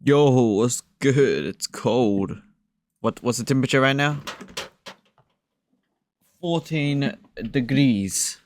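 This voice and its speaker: A man's voice: mid-range voice, slow pace, pauses often. A playful young man chatting casually as a vlogger while testing his desk microphone. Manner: playful, joking, testing mic effects. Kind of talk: casual chat. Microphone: desk USB microphone.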